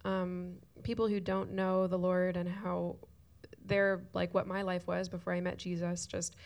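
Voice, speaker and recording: Tearful woman with a low gravelly voice. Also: level tone, measured pace, a little mellow. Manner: tearful, earnest, heartfelt. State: crying at times. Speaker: church speaker. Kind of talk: shared sermon talk.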